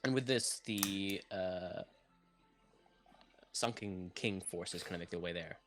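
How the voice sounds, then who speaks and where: A man's voice: low voice, slow pace, music in the background. A man narrating a tabletop game as game master, in a loose, hedging way.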